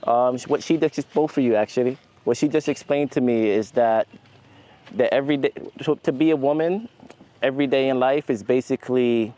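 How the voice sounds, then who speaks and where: A man's voice: medium pitch, a little fast, dark tone. A man conducting a street interview, asking questions and murmuring short agreements.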